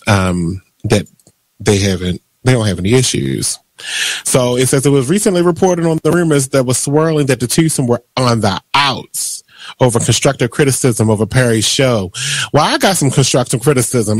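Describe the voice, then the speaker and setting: A man co-hosting a radio show, chatting about entertainment news in an animated, joking, ranting way. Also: mid-range voice, no room sound. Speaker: radio co-host. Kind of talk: casual entertainment-news chat.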